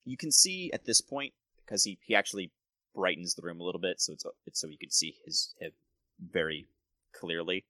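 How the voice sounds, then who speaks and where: Bright, lively game master man. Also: deep voice, no echo. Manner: descriptive, self-correcting narration. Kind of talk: narrating a tabletop game.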